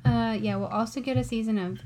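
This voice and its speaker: A woman co-hosting a casual podcast, chatting eagerly about favorite shows. Her voice sits a little higher than most women's, and she keeps the talk loose and conversational. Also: fairly quick. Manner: chatty, excited fan talk with frequent laughs. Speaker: podcast co-host. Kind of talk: casual chat.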